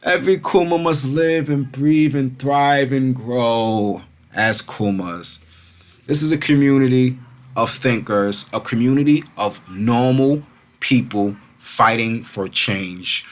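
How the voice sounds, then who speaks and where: A mid-range voice at a slow pace belongs to a Brooklyn crypto vlogger who talks to his followers with animation. He tends to repeat himself and keeps calling his fans Kumas.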